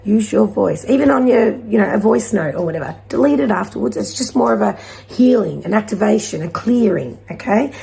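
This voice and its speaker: A woman giving a gentle, encouraging spiritual card reading to her viewers, rambling at times. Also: on the high side, gravelly. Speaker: intuitive card reader.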